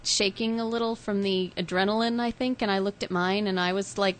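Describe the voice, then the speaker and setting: A woman's voice: mid-range voice, fairly even intonation, a little fast, slight background noise. A woman co-hosting a podcast, chatting casually and often murmuring along while the other host talks. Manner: frequent backchannel murmurs. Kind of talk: casual chat.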